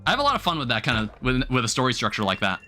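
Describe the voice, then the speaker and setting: A man's voice: mid-range voice, huge pitch swings, racing, sharp tone. A young man chatting casually on a live stream while he plays a game, thinking aloud in a rambling way with lots of filler words. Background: faint game music.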